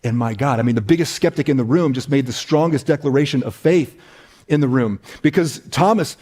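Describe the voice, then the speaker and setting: A man preaching a casual, conversational sermon as pastor, repeating phrases for emphasis and dropping to a hush on key lines. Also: on the high side, brisk. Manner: relaxed, repeats himself for emphasis, asks "right?".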